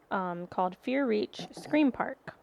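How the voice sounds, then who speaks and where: A woman's voice: medium pitch, animated, slow, gravelly, dry recording, dull audio. A woman co-hosting a podcast, chatting casually with frequent ums and likes. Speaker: podcast co-host. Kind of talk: casual chat.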